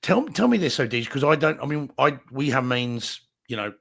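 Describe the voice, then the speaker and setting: A man co-hosting a casual show, asking halting questions and trying out wordplay. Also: mid-range voice, very animated, creaky, a bit bright, breathy edge. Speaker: podcast co-host. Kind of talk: casual chat.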